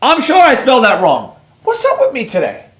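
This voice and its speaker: Man, high voice, blunt, rambling, scolding trading teacher, live class, roomy echo. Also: huge pitch swings, a little fast, fairly bright tone. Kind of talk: live class, reading chat.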